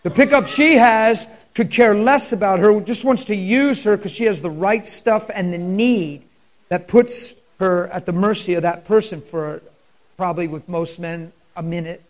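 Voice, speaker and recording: A male pastor preaches at a normal speed in a conversational way, sharing personal stories with deep emotion.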